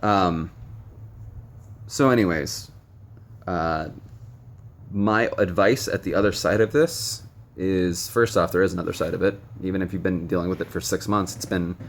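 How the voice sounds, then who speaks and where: A man's voice: low voice, normal speed, a little hiss or hum. A young man vlogging recovery advice in a frank, rambling way with many ums and some blunt swearing. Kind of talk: casual direct-to-camera monologue. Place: noisy room with stray tapping and beeping.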